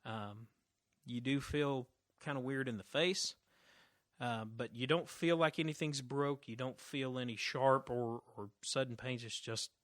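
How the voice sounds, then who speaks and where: A man runs a tabletop game as game master, describing scenes in a loose, chatty way full of fillers and restarts. His voice is bright and forceful. The sound is close and dry. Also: mid-range voice, measured pace, no room sound. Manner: relaxed, many fillers and restarts.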